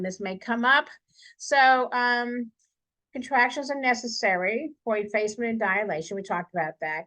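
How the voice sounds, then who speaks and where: A woman's voice: mid-range voice, fairly bright tone, poor audio. A woman nursing instructor giving a conversational exam review lecture in a classroom, checking in with the students by asking "okay?" again and again.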